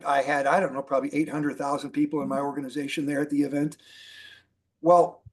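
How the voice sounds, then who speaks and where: A man presenting a motivational training talk, telling stories and asking rhetorical questions. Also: on the high side. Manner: storytelling, rhetorical questions, repeats lists. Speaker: mentor presenter.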